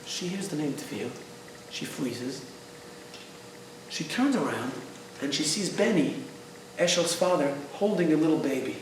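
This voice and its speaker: A man's voice: a little high, expressive, unhurried, long pauses, slight background noise. A man giving an inspirational religious class, telling a story earnestly and mixing in Hebrew phrases. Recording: echoey hall, distant mic.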